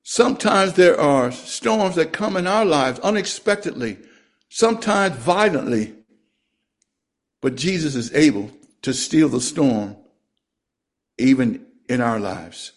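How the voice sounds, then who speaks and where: A man delivering a sermon, reading scripture in a fairly high voice. He speaks slowly and deliberately and lets his pitch sink at the close of each phrase. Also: lively intonation. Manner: slow, deliberate, drops pitch at phrase ends. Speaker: preacher.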